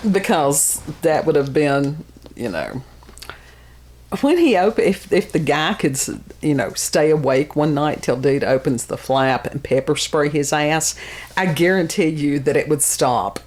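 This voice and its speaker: A blunt woman hosts a casual podcast chat. Her voice sits low but swings widely in pitch as she gets exasperated, with a quick laugh never far off. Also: lively intonation, a little mellow. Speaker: podcast host.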